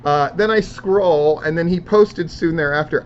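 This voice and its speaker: A man's voice: high-pitched, expressive, fairly quick, few pauses. A man hosting a podcast, reading social media posts aloud in casual, profane, sarcastic commentary. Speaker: podcast host. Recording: dull lo-fi sound with faint noise.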